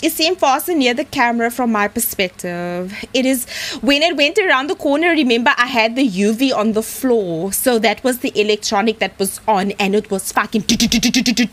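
A young woman streaming a game, talking in a shaky, breathless, excited way. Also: fairly high pitch, moderate pace, few pauses. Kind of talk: live game stream chat. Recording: faint background noise.

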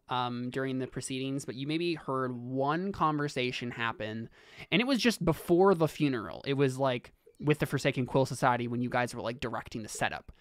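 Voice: medium pitch, a bit bright, dry recording. Game master explaining rules in a dry room. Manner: explains rules with frequent restarts. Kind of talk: running a tabletop game.

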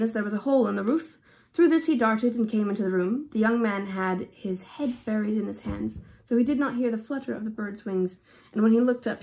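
A woman reading a fairy tale aloud for children with an affected English-style accent, expressive and pausing for short explanatory asides. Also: mid-range voice, creaky. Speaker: storybook reader.

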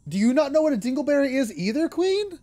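A man's voice: very high-pitched, sing-song, fast talker, warm tone, dry recording. A young man streaming a game, chatting casually, reading chat aloud, laughing often and swearing freely. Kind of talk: casual live-stream chat while gaming.

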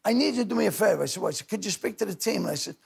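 An older man, a talk show guest telling loud rapid anecdotes and acting out other people's lines. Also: high-pitched, lively intonation, creaky, husky. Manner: loud rapid storyteller, doing voices of others. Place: TV studio with audience.

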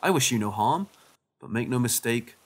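A man voicing a calm, menacing male alien ruler who speaks in a formal, measured way. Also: medium pitch, breathy edge. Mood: solemn.

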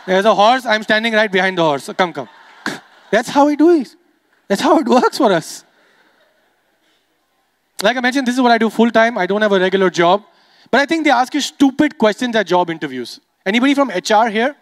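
A man's voice: extremely high pitch, animated, fairly quick, pauses often, in a large hall. A man from the Emirates doing stand-up comedy on stage, chatty and teasing, working the crowd. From United Arab Emirates. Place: comedy stage before a live audience.

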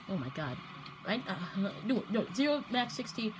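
A young woman commentating her own gameplay, playful and prone to loud outbursts and strings of repeated protests. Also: fairly high pitch, sing-song, brisk, a little hiss or hum, poor audio. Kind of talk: excited gaming commentary.

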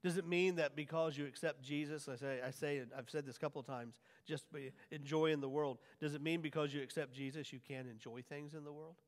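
A man preaching a sermon as pastor, swinging from hushed lines to loud, drawn-out emphasis. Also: a little high, steady tone. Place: church sanctuary. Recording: long church hall reverb.

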